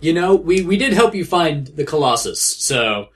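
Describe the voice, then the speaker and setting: At a moderate pace and in a voice on the high side, a man coaches his friend through a video game. Against game music, his let's-play banter is casual, animated, and chatty, with frequent restarts.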